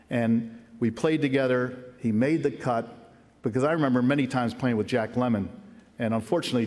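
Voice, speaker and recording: A man's voice: mid-range voice, a little mellow. A middle-aged man giving an earnest, folksy acceptance speech as a hall of fame inductee, telling anecdotes at a lectern microphone. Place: large ceremony hall. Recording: long reverb of a big hall.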